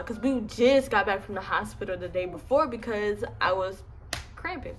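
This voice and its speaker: A woman's voice: mid-range voice, normal speed, a little hiss or hum, low-quality recording. A young woman with a lisp from braces, telling a casual storytime at home in a chatty, slangy way. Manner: chatty, slangy, animated retelling. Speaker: vlogger. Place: home, indoors.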